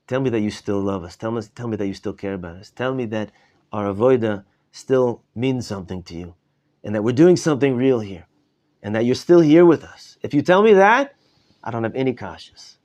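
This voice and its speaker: An elderly holy man pours out his anguish to God, his voice climbing high and loud, as a male teacher acts him out. The pleading is impassioned and insistent, rising in pitch line after line. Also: lively intonation, a little fast, natural voice. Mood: tearful entreaty.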